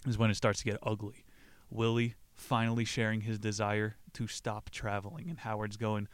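A man's voice: on the low side, level tone, normal speed, clean tone, no echo. Casual profane male podcast host. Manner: profane, laughing, acts out quoted lines. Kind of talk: casual retelling of a play.

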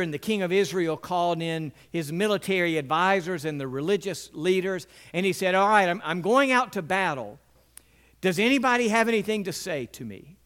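A middle-aged male pastor preaching a sermon in an earnest way, sometimes voicing biblical characters with lively pitch and dropping low and quiet for emphasis.

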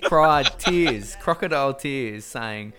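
A man's voice: medium pitch, expressive, slow pace, bright, forceful tone. A man with an Australian accent co-hosting a casual podcast chat, ranting and swearing freely. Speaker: podcast co-host.

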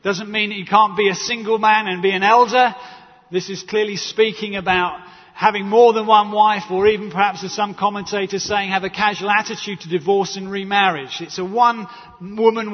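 A man's voice: high voice, normal speed. A man preaching a sermon in a church, telling stories and acting out quotes. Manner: animated storytelling with acted quotes and laughter. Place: church hall. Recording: dull echoey church sound.

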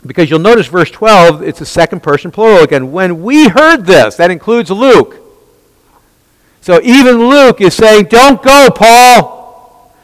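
Male Bible teacher with a very high, animated voice, fond of rhetorical questions and quick restarts. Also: in a large hall, low-quality recording. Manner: rhetorical questions, answered at once; frequent restarts and repeated words.

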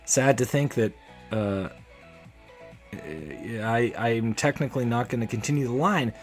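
A man's voice: mid-range voice, unhurried. A man hosting a solo comedic podcast, talking in a wry, rambling, self-deprecating way. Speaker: podcast host. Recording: faint music playing behind. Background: soft background music.

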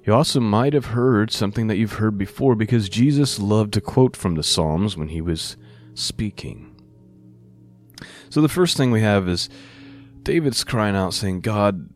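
A middle-aged man preaching a sermon, reading scripture slowly and then explaining it in plain, earnest talk. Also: low voice. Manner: earnest, with frequent self-corrections and rhetorical "right?".

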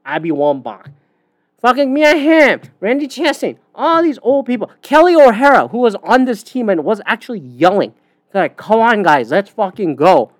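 With a sing-song lilt, a medium-pitched woman speaks at normal speed on her podcast, venting her opinions bluntly and with swearing. The talk is casual and full of fillers, captured in studio quality without room sound.

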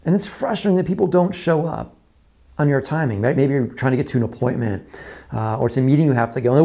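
A man preaching a sermon, repeating his phrases and acting out quoted voices, dropping to quiet lows. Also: quick pace, creaky. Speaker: pastor.

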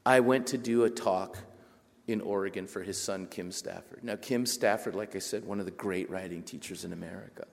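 A man giving a storytelling talk, animated and self-deprecating, jumping up in pitch when he quotes people. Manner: animated, jumps to high excited pitch for quoted voices. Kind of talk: storytelling lecture. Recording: long reverb of a hall.

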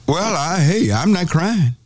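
Man, call-in radio host, slightly high voice, insistent and argumentative, keeps repeating himself. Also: lively intonation, a little slow.

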